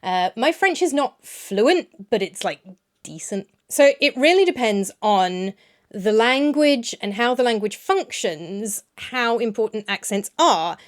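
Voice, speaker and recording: Chatty woman explaining to camera. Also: medium pitch. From Ireland. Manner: chatty, digressive, laughs at herself. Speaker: language vlogger. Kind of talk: casual explanatory talk to camera. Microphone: clip-on lapel mic.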